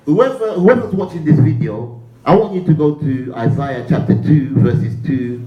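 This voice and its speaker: A man's voice: fairly high pitch, lively intonation, normal speed, reverberant, muffled recording. A male pastor preaching a sermon, leading the congregation in call-and-response and repeating his phrases.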